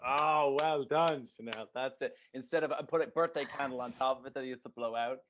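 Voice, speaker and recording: A man's voice: mid-range voice, a little fast, fairly bright tone, a little hiss or hum. Guy cohosting a podcast, swears a lot, rambles and jokes, kinda dull lo-fi audio. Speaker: podcast co-host. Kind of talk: casual chat.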